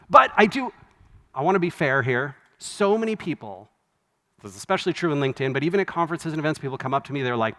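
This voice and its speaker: A man giving a live conference keynote, conversational and wry, with quick asides and self-corrections. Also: mid-range voice, very animated, bright, forceful tone. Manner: wry, laughs at his own jokes. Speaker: conference speaker. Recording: long hall reverb from a live venue.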